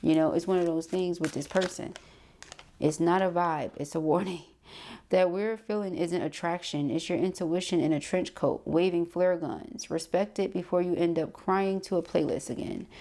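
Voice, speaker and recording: A woman reading tarot for her viewers in a casual, sassy, blunt style, full of slang and quick laughs. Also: fairly low pitch, dark tone. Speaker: tarot reader and spiritual coach.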